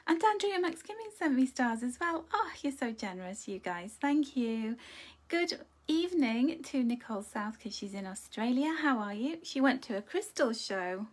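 A woman with a fairly high voice hosts a live stream, chatting easily to the people watching. She greets them warmly one by one, calling them her loves and sweethearts. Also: big pitch swings, moderate pace. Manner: affectionate, greets viewers by name with endearments; chatty, with light laughs. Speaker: angel card reader and host. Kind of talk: live-stream chat with viewers.

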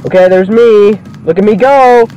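A man's voice: sits high, moderate pace, dark tone, dull audio, a little hiss or hum. A man giving casual, rambling, profanity-filled commentary while playing a wrestling game. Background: game music.

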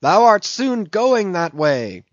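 A man voicing a wild, fanatical male sailor prophet who rants vehemently in a high, strained voice. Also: sing-song, slow, dry recording, muffled recording, heavily acted. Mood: ominous.

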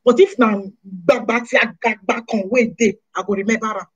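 In a dull-sounding recording, a woman vlogger with a Nigerian Pidgin accent speaks briskly and a little high, her tone husky with a touch of breathiness. She lively scolds those watching, piling up rhetorical questions in quick succession.

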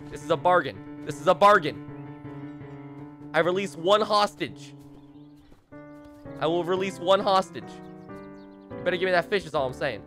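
A man's voice: sits high, moderate pace, long pauses, fairly bright tone, soft background music. A young man doing playful gameplay commentary as a let's play host, teasing and mock-dramatic, talking straight to the game characters.

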